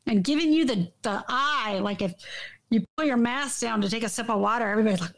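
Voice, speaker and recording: A woman's voice: a little high, quick pace. A woman talking in a casual, emphatic way, often trailing off and restarting her sentences. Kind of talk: casual conversation. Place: Los Angeles.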